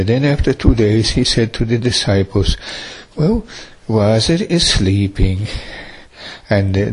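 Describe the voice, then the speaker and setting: A man preaching a sermon, retelling a gospel story in a slow, halting way with many fillers. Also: on the low side, darkish tone, slightly rough.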